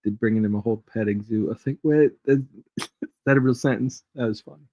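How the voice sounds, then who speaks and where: A man hosts a casual live trading stream, chuckling and joking as he reads charts aloud. He talks fast in a mid-range, dark-toned voice, and the stream audio is dry, dull and lo-fi with no room sound.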